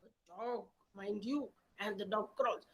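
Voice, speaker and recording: A woman telling stories aloud in an expressive, dramatic way. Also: mid-range voice, poor audio. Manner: expressive, slow, dramatic storytelling. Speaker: storyteller. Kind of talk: animated oral storytelling.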